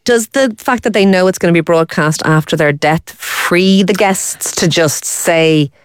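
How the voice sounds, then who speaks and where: A woman panelist in a casual chat, quick and opinionated. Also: on the low side, clear, resonant tone, no room sound, studio quality.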